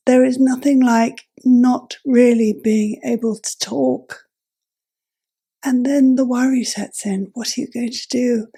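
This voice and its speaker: Woman vlogger, unhurried delivery, very gravelly and husky voice that drops into whispers, pitched a little high. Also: dark tone. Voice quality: croaky, gravelly, with breathy whispered breaks. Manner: slow, halting, self-correcting. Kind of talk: explaining while adjusting a device.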